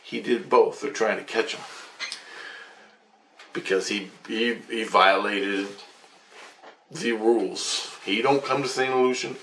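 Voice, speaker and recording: A man's voice: on the low side, fairly even intonation, slow, gravelly, pauses often, bright, forceful tone, a little hiss or hum. Swearing man recounting a dream, echoey room. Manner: repetitive with restarts and frequent swearing. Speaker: vlogger. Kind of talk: rambling spoken account of a dream.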